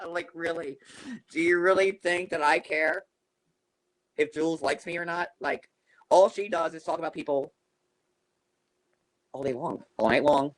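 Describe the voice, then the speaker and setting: A man's voice: a little high, measured pace, pauses often, poor audio. Scornful middle-aged man, dismissive. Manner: scornful, dismissive, rhetorical questions. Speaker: YouTuber in an archived live stream. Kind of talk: dismissive live-stream rant.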